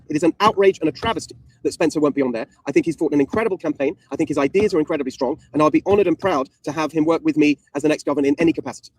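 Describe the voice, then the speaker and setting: A man's voice: fairly high pitch, darkish tone, no room sound, poor audio. A man running for office, giving an indignant, emphatic campaign statement. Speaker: political candidate. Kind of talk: campaign speech.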